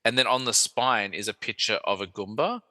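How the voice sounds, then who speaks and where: A man's voice: fairly low pitch, fairly quick, sharp tone, no room sound, in a large hall. A man co-hosting a film podcast, chatting casually in a rambling way and laughing often. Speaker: podcast co-host.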